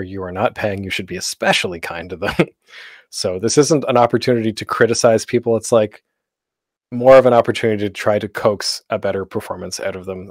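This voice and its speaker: A man with a lowish voice hosts a convention panel, offering tips in a casual workshop talk that's being live-streamed. He's chatty and uses many fillers, and the recording is dry with clean studio sound.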